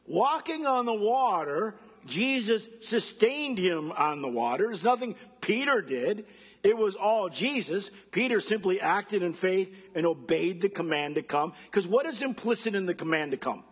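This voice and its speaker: Husky man preaching a sermon. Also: high-pitched, unhurried, big-room sound. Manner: animated, acts out quoted voices. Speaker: pastor.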